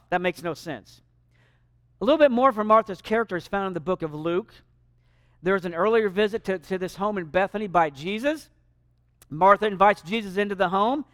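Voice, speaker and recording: A man preaching a sermon in a church sanctuary, animated and shifting loudness for emphasis. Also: high voice, no room sound, clean studio sound. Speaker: pastor.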